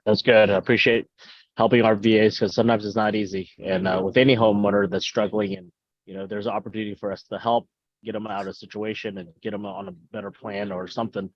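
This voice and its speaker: Man host, lowish voice, encouraging, dry lo-fi call audio. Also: little pitch movement, quick pace, no echo. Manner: upbeat, encouraging. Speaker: meeting host. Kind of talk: hosting a team video call. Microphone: video call.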